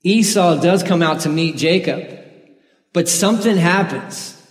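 A man's voice: high voice, a little slow. A man preaching a sermon, telling his own conversion story in an earnest, personal way with the odd laugh. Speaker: pastor. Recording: echoey hall.

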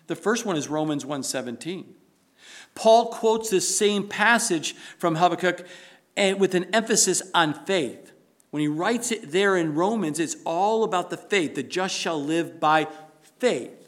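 A man's voice: fairly high pitch, fairly bright tone. A middle-aged man preaching a sermon as pastor, building emphasis through repetition and quotations from scripture.

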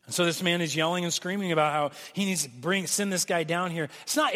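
Male pastor, earnest sermon delivery, high voice, recorded in a reverberant church hall. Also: fairly quick, hardly any pauses, sharp tone. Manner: earnest preaching, acts out pleading quotes.

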